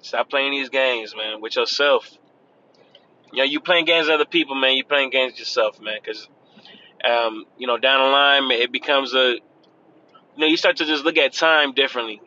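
A man chats loosely to his audience while he sits in a car. His voice is bright and forward. The recording sounds dull and lo-fi, with a faint vehicle hum underneath. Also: medium pitch, normal speed. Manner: loose and chatty, says "man" and "y'all" often. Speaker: vlogger. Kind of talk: casual monologue to viewers.

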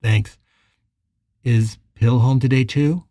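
An audiobook narrator voicing a grieving man who talks in halting, strained phrases while trying to sound strong. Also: medium pitch, fairly even intonation, warm tone, no echo, studio quality, voice pushed down. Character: grieving man putting on a brave face.

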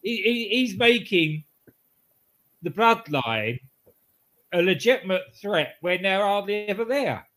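A man's voice: sits high, animated, unhurried, pauses often, sharp tone. A man co-hosting a casual wrestling podcast, telling rambling anecdotes and chuckling at his own jokes. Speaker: podcast co-host.

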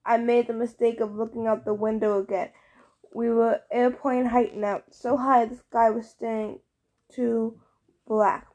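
A woman narrating a first-person audiobook, lively and expressive. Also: fairly high pitch, measured pace.

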